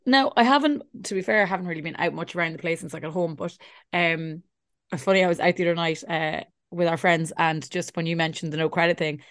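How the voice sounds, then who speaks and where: Irish woman in her 30s, low-ish voice, rattling off pub stories fast, swears a lot, dry close mic. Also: fairly even intonation, fairly bright tone, no room sound. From Ireland. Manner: chatty storyteller, swears freely, acts out quotes. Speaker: podcast co-host. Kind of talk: casual chat.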